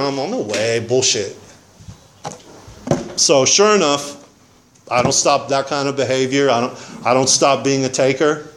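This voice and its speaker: A man's voice: medium pitch, a little hiss or hum. Rambling slangy man sharing his story. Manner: slangy, rambling, says man and dude a lot. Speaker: recovery meeting speaker. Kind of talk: casual personal testimony.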